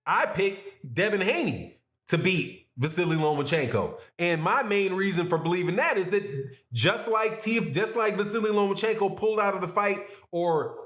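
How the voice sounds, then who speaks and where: High-voiced man giving boxing opinions. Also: animated, moderate pace, a bit bright. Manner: conversational, repeats and restarts phrases, frequent "right?". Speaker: boxing commentator. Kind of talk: solo opinion commentary. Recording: roomy echo.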